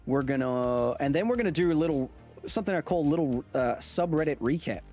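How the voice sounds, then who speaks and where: Soft music underlies this science podcast livestream, where a man in his thirties chats quickly and animatedly in a slightly high, darkish voice. He jokes and teases back at viewers' comments, stumbling through lots of fillers and restarts.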